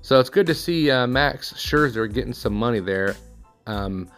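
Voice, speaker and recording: A man's voice: mid-range voice, lively intonation, normal speed, a bit bright, soft background music. A man, casually running through sports scores and headlines with offhand personal asides. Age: 30s. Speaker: sports recap host.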